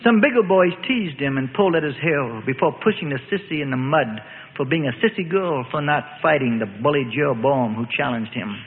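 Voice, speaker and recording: A man narrating a Bible story in a dramatic preaching cadence, with emphatic lists, on a tinny, echoing recording. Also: a little high. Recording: tinny phone-like line with long reverb.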